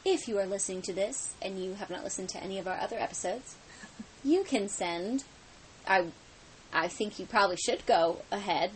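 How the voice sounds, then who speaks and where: A woman's voice: medium pitch, slight background noise, low-quality recording. A woman co-hosting a casual podcast, talking in a rambling, jokey way, a little tired. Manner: rambling, jokey, tired late-night talk. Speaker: podcast co-host. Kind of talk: casual chat.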